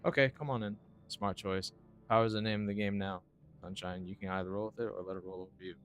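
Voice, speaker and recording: A man voicing a cocky, menacing drifter in a game, using a put-on British accent and a sneering, loud delivery. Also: lowish voice, fairly even intonation, fast, soft background music, natural voice.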